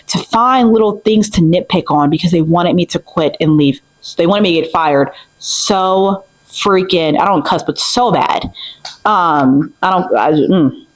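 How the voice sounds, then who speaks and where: A young woman in her twenties recounts events in a casual, emphatic vlog manner. Her voice sits on the low side and the sound is dry and close. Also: dry recording, poor audio. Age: 20s. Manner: animated, emphatic, with many fillers. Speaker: vlogger. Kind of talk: casual storytime.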